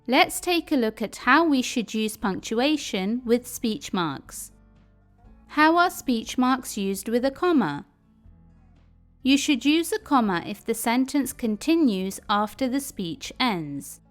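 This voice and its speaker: A woman giving a scripted English lesson, explaining each point clearly and carefully. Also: a little high. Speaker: English teacher.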